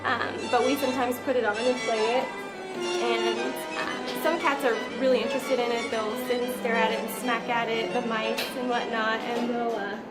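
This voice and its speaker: Woman, cat hotel staff, hesitant interview talk; higher pitch, with music clearly behind her. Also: moderate pace, rough recording. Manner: hesitant, many "um"s and "like"s. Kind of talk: mockumentary interview.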